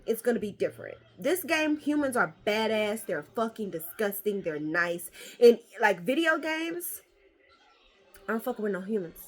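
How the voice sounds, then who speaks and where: Excitable high-voiced woman opening cards. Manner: excitable, swearing, swings from hushed to squealing. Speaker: card collector opening booster packs. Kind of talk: casual unboxing vlog.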